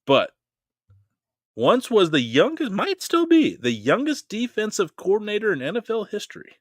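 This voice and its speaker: A man's voice: sits high, normal speed, dry recording, clean studio sound. A man hosting a casual podcast, telling jokey stories and hyping up his guest. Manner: joking, animated storyteller. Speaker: podcast host. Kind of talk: casual chat.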